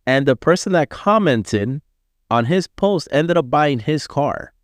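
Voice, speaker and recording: In clean studio sound with no echo, a Miami-born artist guest in his thirties spins a long, animated story full of profanity, imitating the people he quotes. He speaks at an unhurried pace, his voice on the high side.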